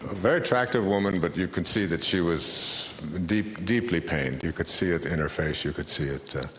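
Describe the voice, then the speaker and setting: A man's voice: low voice, moderate pace, fairly bright tone, a little hiss or hum. A man, a spiritual speaker and author, telling a story to an audience in a wry, conversational way, recorded in an echoey lecture hall.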